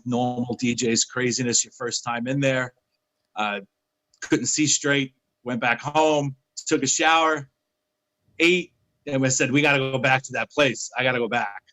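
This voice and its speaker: New man telling a lively story. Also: mid-range voice, no echo, low-quality recording. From New York City. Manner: animated anecdotes, acting out quoted dialogue. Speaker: interview guest. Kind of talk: casual storytelling.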